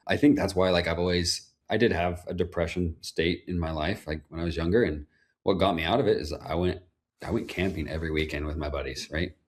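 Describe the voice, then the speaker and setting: A man's voice: deep voice, brisk. A man who is a home builder, speaking as a guest in a casual interview in an easygoing, conversational way. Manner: easygoing, conversational, laughs easily.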